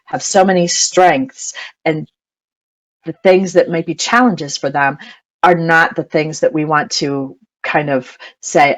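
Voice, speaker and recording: A middle-aged woman gives an educational webinar as a parent coach. She talks in a chatty, informal way, scattering ums and small laughs through her points. Her voice sits a bit low for a woman. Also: steady tone, slow pace. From United States.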